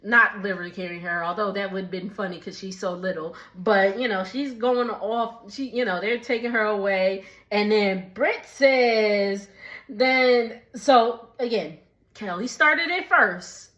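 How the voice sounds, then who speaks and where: A woman's voice: mid-range voice, measured pace, a bit bright, muffled recording. A woman chatting casually as she recaps a TV episode, laughing often between remarks. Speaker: recap vlogger.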